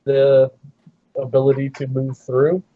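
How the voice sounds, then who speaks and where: A man's voice: mid-range voice, monotone, a little slow. A man playing a tabletop game, speaking hesitantly with stumbles. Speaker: player. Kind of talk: casual game table banter. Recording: dull lo-fi audio.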